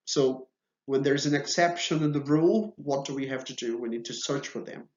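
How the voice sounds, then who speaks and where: A man's voice: mid-range voice, moderate pace, darkish tone. Man, patient teacher, reassuring, echoey room, muffled sound. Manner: patient, reassuring, says okay often. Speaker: Portuguese teacher. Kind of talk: slow, deliberate video lesson. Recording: roomy, slightly dull sound.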